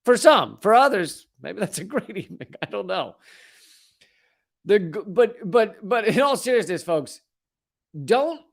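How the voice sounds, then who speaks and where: A man's voice: sits high, expressive, measured pace, vocal fry, long pauses, slightly rough. A man hosting a live-stream commentary, reading from an article and breaking off into sarcastic, joking asides.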